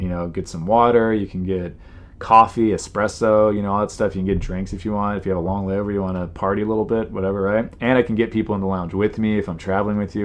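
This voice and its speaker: Rambling low-voiced male podcast host. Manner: rambling, heavy on "you know" fillers; mimics people in exasperated quoted asides. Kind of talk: casual storytelling monologue.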